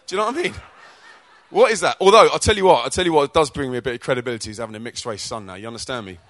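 A man from England, telling energetic, chatty stories about his charity work to a church audience, with slang and quick restarts. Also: medium pitch, no room sound. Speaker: Christian rapper and charity co-director. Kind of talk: informal testimony talk to a church audience.

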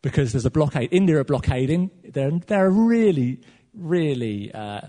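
A man preaches in a church hall, his voice high and a little husky. He swings between loud, animated stretches and soft, quiet asides. The sound has the long reverb of a large hall. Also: moderate pace. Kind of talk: sermon.

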